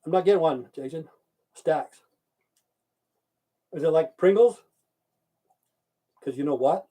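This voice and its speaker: A man's voice: fairly high pitch, takes it slowly, dark tone. A man from Idaho hosting a live stream, chatting casually, swearing often and answering viewers' chat messages aloud. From Idaho, USA.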